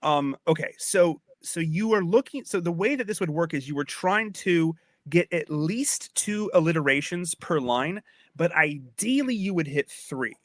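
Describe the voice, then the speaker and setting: A man's voice: a little high, animated, unhurried, fairly bright tone, dry recording, studio quality. Chatty man lecturing, slightly tipsy. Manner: chatty, repeats and restarts phrases, checks in with listener. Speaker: podcast host explaining Old English poetry. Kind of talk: casual spoken lecture.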